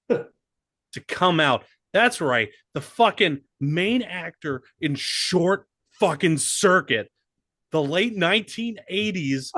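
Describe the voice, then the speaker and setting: A man co-hosting a podcast in casual chat, emphatic and excitable, swearing freely. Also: on the high side, no echo, studio quality. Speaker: podcast co-host.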